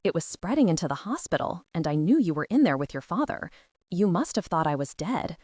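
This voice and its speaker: Woman voicing a calm, steady young man. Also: on the high side, a little fast, no echo, studio quality.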